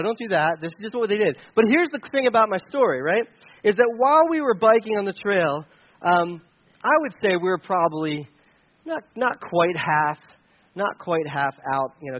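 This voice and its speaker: High-voiced pastor telling a story. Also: male voice, muffled recording. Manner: animated storytelling with many restarts. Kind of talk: sermon with a personal story.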